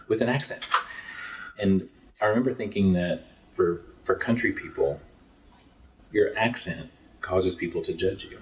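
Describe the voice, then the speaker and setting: Deep-voiced earnest American man, off-mic. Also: moderate pace, distant mic, low-quality recording. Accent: neutral American, faint Texas trace. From East Texas. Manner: earnest, reflective storyteller. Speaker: podcast guest, entrepreneur. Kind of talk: casual conversation.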